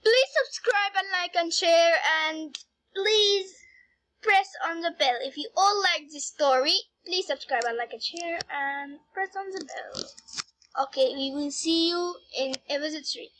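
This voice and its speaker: A woman reading her own story aloud, halting and stopping to correct herself. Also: very high voice, a bit bright, slight background noise.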